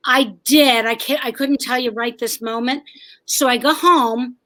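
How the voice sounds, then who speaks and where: A woman's voice: on the high side, steady tone, sharp tone, poor audio. A comedian and writer from New Jersey, a woman, telling wry family stories as an interview guest. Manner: wry storyteller, quick jokes. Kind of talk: casual interview chat.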